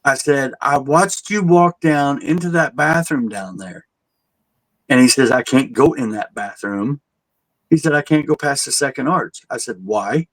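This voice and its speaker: Male tour guide, relaxed storyteller who voices the people in his tale; dry, close recording. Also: medium pitch, measured pace, no echo, rough recording. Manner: laid-back, animated when quoting people, chuckles at his own jokes. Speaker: haunted asylum tour guide. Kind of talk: casual storytelling.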